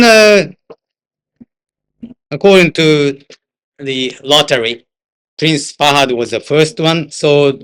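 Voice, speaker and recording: Speaking at medium pitch with a fairly bright tone, this older male interpreter tells stories through his seminar talk. He has a Japanese accent and now and then switches to asides in Japanese.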